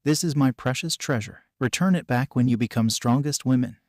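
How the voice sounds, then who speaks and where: A man's voice: mid-range voice, brisk, darkish tone, dry recording, clean studio sound, close to an everyday voice. A man reading the lines of an easygoing adult pirate captain in a plain read-aloud delivery.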